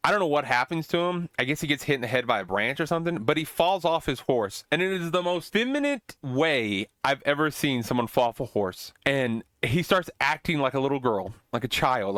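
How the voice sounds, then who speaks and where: A man's voice: medium pitch, fairly bright tone, dry recording, clean studio sound. A man hosting a podcast, recapping an old film in a casual, rambling way with swearing and joking asides. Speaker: podcast host.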